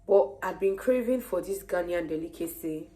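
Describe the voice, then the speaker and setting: Pregnant nigerian woman chatting to camera, lowish voice, acts out the convos. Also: normal speed. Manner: lively, animated retelling of conversations. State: heavily pregnant. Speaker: vlogger. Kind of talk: casual storytelling to camera.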